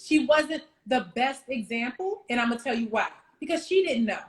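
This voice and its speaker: A woman relationship coach talking in a casual chat, animated and quick to laugh, acting out little quoted scenes. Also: on the high side. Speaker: wife coach, guest. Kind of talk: casual chat on a virtual show.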